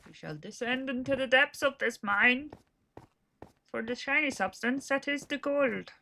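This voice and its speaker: A woman's voice: sits high, measured pace, creaky, sharp tone, voice pushed up, full character voice. A woman with a Scottish accent putting on the voice of a grand, solemn storyteller on a quest, in a mock-heroic tone.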